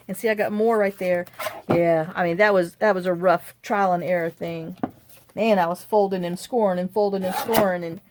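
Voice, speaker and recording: A woman's voice: fairly low pitch, fairly even intonation, moderate pace, noisy background. A middle-aged woman, chatting folksily with her viewers while she glues and trims a craft project at home, often talking to herself as she works. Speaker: craft vlogger. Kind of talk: casual chat while crafting.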